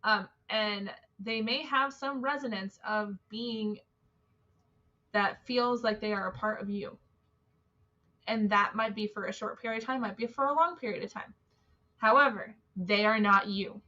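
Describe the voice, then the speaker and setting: A woman's voice: fairly high pitch, a little slow, sharp tone. Bubbly woman on a lo-fi stream. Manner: bubbly, gushing, chatty with fillers. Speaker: spiritual reader and live-stream host. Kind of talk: casual spiritual live-stream chat. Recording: dull lo-fi stream audio.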